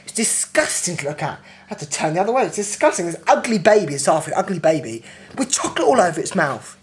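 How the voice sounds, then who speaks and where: A young man airs his grievances in a video diary, sweary and thoroughly indignant. His voice is very animated and swings widely in pitch. He piles on exaggeration as he goes. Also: fast. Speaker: vlogger.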